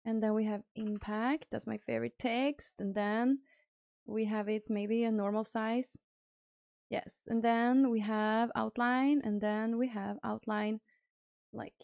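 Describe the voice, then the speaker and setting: High-voiced woman streamer chatting casually. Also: vocal fry, no room sound, studio quality. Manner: chatty, thinks aloud while fiddling with stream settings; bursts into high excited thanks for gifted subs. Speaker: livestream host. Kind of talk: casual live-stream chat.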